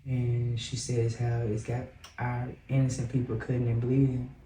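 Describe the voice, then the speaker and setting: A man with a Southern American accent tells his personal story, earnest and reflective, with the odd hesitation. His voice is mellow and dark. He is recorded from a distance in an echoey room with a faint hum behind him. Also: medium pitch, monotone. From Southern United States. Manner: earnest and open, slow and reflective, with some hesitant "um"s. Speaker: guest singer.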